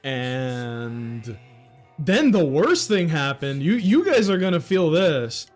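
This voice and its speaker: A man's voice: on the high side, big pitch swings, slow, faint music behind. A man in his thirties from New York, chatting candidly and rambling on a livestream, swearing casually as he talks. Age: 30s. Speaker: livestream host.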